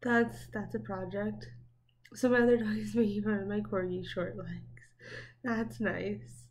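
A woman's voice: medium pitch, steady tone, measured pace, a little mellow. A young woman chatting casually as she reacts to video clips, laughing often and talking back to what she watches.

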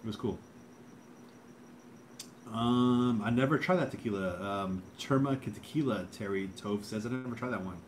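Low-voiced rambling male streamer. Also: normal speed, long pauses, a little hiss or hum. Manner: rambling, hesitant, lots of fillers and repeats. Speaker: livestream host reading chat. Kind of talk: casual livestream chat.

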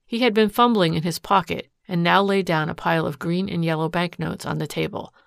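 Female audiobook narrator, measured and steady, with a gravelly texture. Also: fairly low pitch, no echo, studio quality. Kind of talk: scripted narration.

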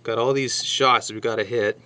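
A man's voice: medium pitch, moderate pace. A man teaching drums, talking casually through a sheet of music and counting beats aloud. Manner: relaxed and chatty, counting beats aloud, brief excited asides. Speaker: drum teacher.

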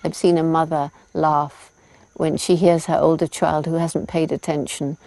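A woman's voice: low voice, little pitch movement, unhurried, creaky, dark tone, rough recording. A woman in her seventies, interviewed outdoors in a forest, who laughs often as she tells stories. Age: 70s. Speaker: interviewee, primatologist. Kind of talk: casual interview answers.

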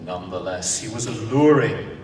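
A man reciting comic nursery-rhyme verse with dry, deadpan jokes, heard from a distance in an echoey hall with rumbling noise. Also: normal speed. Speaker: comic performer.

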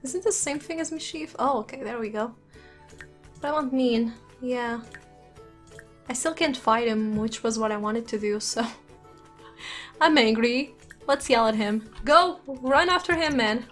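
Relaxed and unhurried, a high-voiced gaming YouTuber narrates her let's play, laughing frequently and reacting aloud. She sits close to her desk USB mic while faint game music plays underneath.

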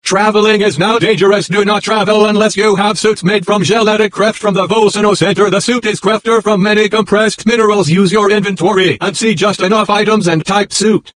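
A male channel host rambling excitably through a reading and his own commentary, exclaiming over and over, with the playback sped up. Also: high voice, fairly quick, hardly any pauses, no echo. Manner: excitable, keeps exclaiming "oh golly".

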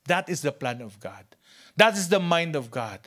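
A male pastor with a Filipino accent and a fairly high voice preaches at a moderate pace with big pitch swings. He moves between hushed near-whispers and loud, emphatic lines, often repeating and restarting phrases.

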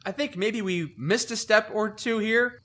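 A man's voice: high voice, measured pace, fairly bright tone. A man co-hosting a casual chat, asking teasing, wry follow-up questions. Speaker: co-host, interviewer. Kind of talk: casual conversation.

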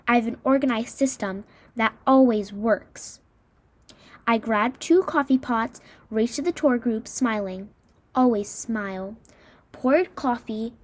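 A woman giving a dramatic reading of a novel, expressive and changing her tone for each character's lines. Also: fairly high pitch. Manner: expressive, voices dialogue with shifts in tone. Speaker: reader.

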